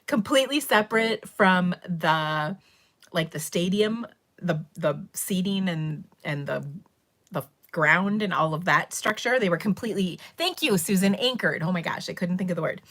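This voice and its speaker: A woman's voice: on the low side, moderate pace, fairly bright tone. A middle-aged woman, hosting a live stream and chatting casually, rambling through stories with laughs and fillers. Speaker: livestream host. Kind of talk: casual chat.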